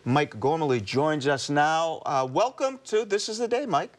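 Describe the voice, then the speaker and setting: A man's voice: fairly high pitch, lively intonation, measured pace. A man hosting a religious TV talk show, upbeat and conversational, introducing segments and guests. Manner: upbeat, conversational, reads promos. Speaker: TV show host.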